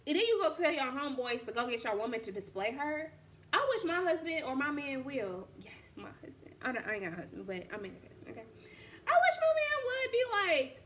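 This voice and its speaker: Brief: woman host, casual slangy storyteller, slightly raised pitch, frank and conversational. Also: big pitch swings, a little fast, fairly bright tone. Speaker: podcast host and boutique owner. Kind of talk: casual faith chat.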